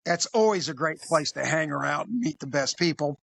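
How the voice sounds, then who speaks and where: Gravelly, dry-voiced podcast storyteller. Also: medium pitch, animated, brisk, fairly bright tone, no echo. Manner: rambling, jokey, acts out quotes. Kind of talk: casual comedic storytelling.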